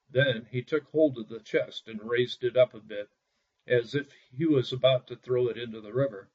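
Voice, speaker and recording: A man narrating a bedtime fairy tale in a lively reading, putting on voices for the characters, on a dull lo-fi recording. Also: mid-range voice, moderate pace, slightly rough. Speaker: storyteller.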